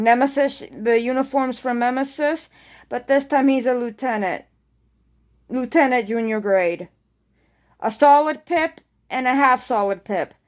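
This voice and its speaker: A woman casually recapping a TV episode, rambling excitedly and swearing freely. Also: a little high. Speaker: TV episode reviewer.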